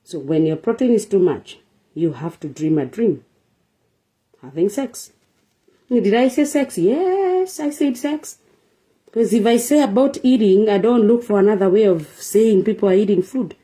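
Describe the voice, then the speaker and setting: At a moderate pace, a talk show host with a medium-pitched, dark voice lectures viewers about relationships. Her monologue is preachy, built on rhetorical questions and forceful repetition.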